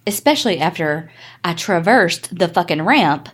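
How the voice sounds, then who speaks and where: Blunt woman with a lively, swinging voice. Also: fairly low pitch, moderate pace. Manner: blunt, profane, sardonic. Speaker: podcast co-host. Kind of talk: casual chat.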